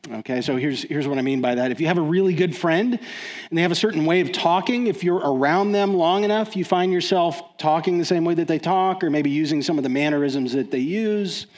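A man's voice: fairly high pitch, fairly quick, darkish tone. A man filling in as guest speaker, giving a casual, joking sermon to a live audience, full of fillers and restarts.

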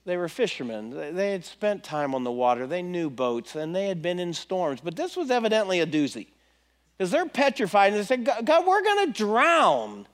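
A male preacher gives an animated, conversational sermon, repeating his questions to his listeners. His voice sits high and moves with lively swoops. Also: a little fast.

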